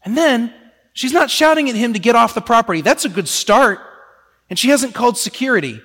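A man preaching a sermon in a lively, conversational way, often slipping into quoted voices. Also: extremely high pitch, a little fast, big-room sound.

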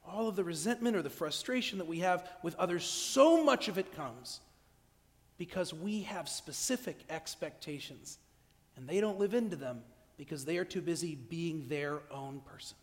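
High-voiced man preaching in an echoey church. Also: lively intonation, normal speed. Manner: conversational, acts out quoted dialogue. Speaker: pastor. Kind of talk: sermon.

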